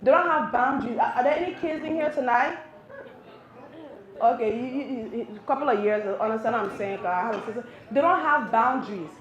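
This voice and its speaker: A woman doing a stand-up comedy set in a live cafe, animated and talking straight to the crowd. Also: on the high side, brisk, muffled recording. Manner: animated, talks to the crowd, playful teasing. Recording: roomy live venue sound.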